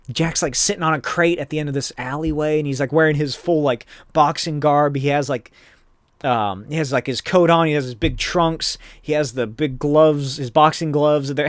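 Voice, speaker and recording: Male podcast host, swearing, animated comic recap, slightly high voice. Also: no echo, clean studio sound. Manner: loose, profane and animated storytelling. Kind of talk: casual comic book recap.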